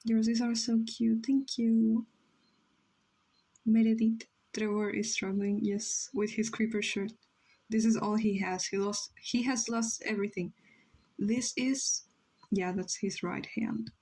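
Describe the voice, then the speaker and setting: Mellow-voiced young woman chatting on stream. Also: a little high, level tone, a little slow, slightly rough, low-quality recording. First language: Spanish. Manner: rambling, reads chat aloud, many "like" fillers. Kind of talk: casual livestream chat while drawing.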